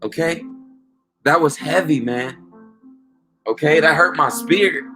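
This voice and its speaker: A man's voice: a little high, unhurried, bright, forceful tone, soft background music. A man preaching informally and emphatically, often saying "man" and asking "okay?" as he recounts a dream.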